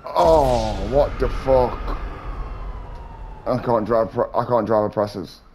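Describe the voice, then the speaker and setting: A young man giving casual, excitable gameplay commentary, swearing and trash-talking other players. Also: medium pitch, takes it slowly, a little hiss or hum. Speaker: gaming YouTuber.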